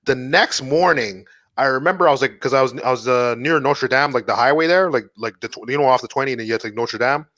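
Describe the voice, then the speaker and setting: A man from Montreal co-hosting a comedy podcast, talking excitedly and filling his stories with "like". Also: medium pitch, dry recording. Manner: excitable rapid talker, lots of "like". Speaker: podcast co-host. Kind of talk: casual comedy chat.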